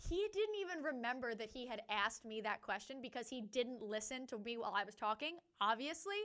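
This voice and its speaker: Bright, high-voiced young woman storyteller. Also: a little fast. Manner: animated, laughing, acts out quotes. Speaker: podcast co-host. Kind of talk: casual storytelling chat.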